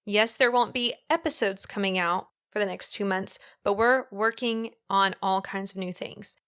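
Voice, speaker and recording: With a medium pitch and moderate pace, a female podcast co-host chats casually, telling stories with animation and lots of "um" and "like." There's a bright, tense edge to her otherwise crisp, smooth tone.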